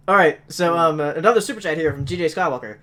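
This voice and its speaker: An upbeat man on a casual podcast, reading out viewer questions with a slightly high voice. He keeps the chat moving along. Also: brisk, fairly bright tone.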